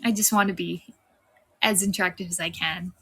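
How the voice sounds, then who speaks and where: A woman's voice: lowish voice, fairly even intonation, brisk, pushed and bright, husky. A young woman streamer chatting casually on a live stream, giggling often as she thanks viewers and reads the chat.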